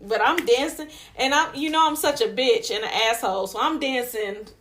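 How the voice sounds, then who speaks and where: A woman co-hosting a podcast, telling a story in casual chat, animated and profane, laughing as she goes. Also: a little high, moderate pace, slight background noise. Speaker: podcast co-host.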